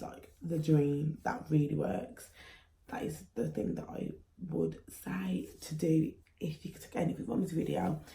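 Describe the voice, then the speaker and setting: A woman's voice: sits low, creaky, warm tone, a little hiss or hum. A young woman in her twenties from England, talking casually and earnestly to camera as a mum vlogger. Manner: chatty, earnest, frequent fillers. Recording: echoey room.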